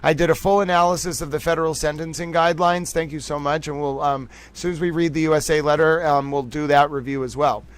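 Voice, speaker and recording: A man with a hard Boston accent hosts a live stream, speaking to his audience in a showy, theatrical way. His voice sits a little high and comes through smooth and clear. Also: fairly even intonation, fast talker, hardly any pauses. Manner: theatrical, repeats catchphrases, addresses viewers directly. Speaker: livestream host.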